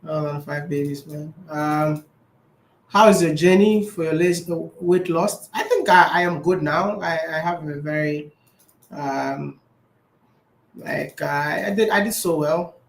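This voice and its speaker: A man's voice: a little high, measured pace, creaky, slight background noise. A man chatting casually as a vlogger, answering viewer questions, laughing often and repeating his phrases. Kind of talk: casual chat. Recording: roomy echo.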